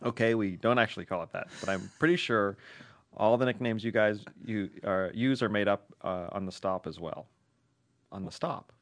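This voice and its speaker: A man's voice: on the low side, moderate pace. A man co-hosting a podcast, reading a listener letter aloud with dry jokes and frequent laughs. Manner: dry, joking, laughs often.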